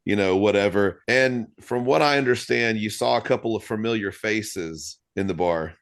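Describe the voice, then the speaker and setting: Low-voiced easygoing male interviewer. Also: moderate pace. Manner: curious, easygoing questioner. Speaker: podcast guest interviewer. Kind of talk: casual interview chat.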